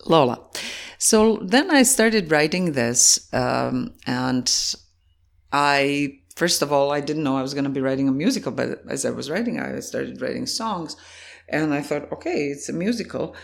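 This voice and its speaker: A woman from Croatia speaks in an interview, her Croatian accent plain as she thinks aloud about her work. Her voice has a gravelly, fry-edged texture, and she laughs easily between thoughts. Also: extremely low pitch, expressive, a little slow. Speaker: guest, actor and playwright. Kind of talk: interview conversation.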